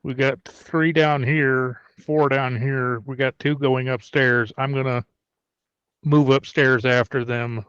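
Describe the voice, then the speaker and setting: Smooth-voiced man on a lo-fi mic. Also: mid-range voice, steady tone, slow, fairly bright tone, no room sound. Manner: thinks aloud while planning moves. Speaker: player. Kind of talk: playing a tabletop game, casual. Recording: dull remote mic.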